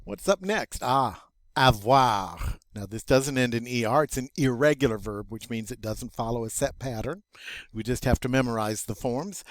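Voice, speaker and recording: Slow, playful man teaching vocabulary. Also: medium pitch, no echo. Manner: slow, playful, jokey asides. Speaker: French teacher. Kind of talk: vocabulary lesson.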